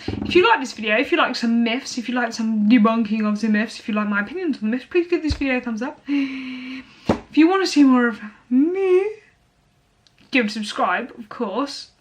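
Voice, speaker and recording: A woman's voice: a little high, fast, hardly any pauses, a little hiss or hum. A young woman talking casually to camera as a fitness vlogger, blunt and motivational, with lots of fillers.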